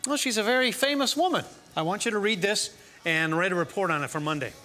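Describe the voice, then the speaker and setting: An actor playing a shy, polite schoolteacher who hesitates and stammers, on a theater stage. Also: male voice, high voice, fast, pushed and bright, faint music behind. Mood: awkward. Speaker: teacher. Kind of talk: stage play acting.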